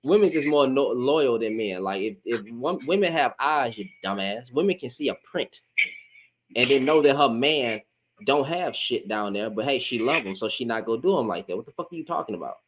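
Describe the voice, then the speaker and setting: A man co-hosting a heated casual debate, loud and mocking, who laughs often. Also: mid-range voice, expressive, moderate pace.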